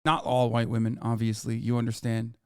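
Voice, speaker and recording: A man's voice: medium pitch, monotone, darkish tone, clear, resonant tone, no echo, studio quality. A man in his thirties giving rambling, profane reaction commentary as a streamer. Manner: rambling, profane, quick asides.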